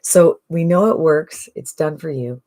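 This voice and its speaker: Low-voiced chatty woman giving a sales pitch. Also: unhurried, warm tone. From Canada. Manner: chatty, persuasive, rhetorical questions. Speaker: online business promoter. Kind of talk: casual sales pitch monologue.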